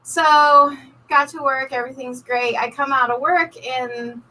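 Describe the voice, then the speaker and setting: A middle-aged woman tells a long story in casual, animated chat, full of fillers. Her voice is bright and fairly high. She sits a little away from the mic, with a faint hum of background noise. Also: a little slow, distant mic, poor audio. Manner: chatty, animated storyteller, many likes and ums. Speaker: co-host of a couple's live stream.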